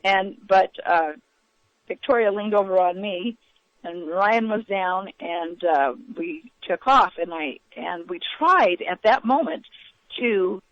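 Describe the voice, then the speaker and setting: A woman recounting events as an interview guest, in a halting way with many fillers and restarts. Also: medium pitch, no room sound. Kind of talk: eyewitness account in a radio interview. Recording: dull, lo-fi radio audio.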